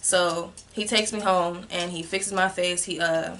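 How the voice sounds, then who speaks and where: A young woman telling a personal story in a candid vlog, filling her speech with "like" and growing soft and subdued at times. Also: fairly low pitch, fairly even intonation, measured pace, a little hiss or hum. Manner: candid, heavy use of "like" as filler. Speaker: vlogger.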